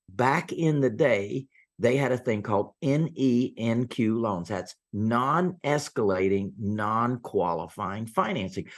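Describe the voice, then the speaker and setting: A man in his sixties, a real estate investor guest, telling stories and acting out the quotes of people in them. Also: medium pitch. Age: 60s. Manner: animated storyteller, acts out quotes. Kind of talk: storytelling interview.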